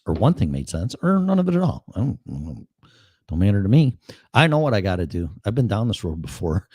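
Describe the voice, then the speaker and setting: A man's voice: low-pitched, dark tone, no echo, clean studio sound. A man in his sixties from Chicago, with a Chicago accent, hosting a casual live-stream monologue in a blunt, profane and rambling way. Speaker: show host.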